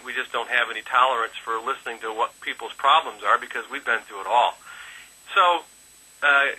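A man's voice: mid-range voice, pushed and bright, slightly rough, low-quality recording. A man who works as an insurance agent, telling a rambling personal story on a phone conference call, full of fillers and restarts. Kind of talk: casual testimonial.

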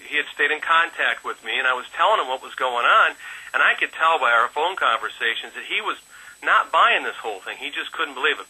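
Man, insurance agent, casual testimonial, rambling with fillers, husky, bright tone, phone call. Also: medium pitch. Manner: rambling, with many fillers and restarts. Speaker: insurance agent sharing his story on a conference call.

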